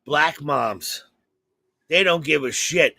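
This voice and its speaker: A man co-hosting a comedy podcast, rambling and swearing through animated stories in casual banter. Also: fairly high pitch, slow pace, gravelly, no echo. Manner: rambling, profane, animated storytelling. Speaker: comedian co-host.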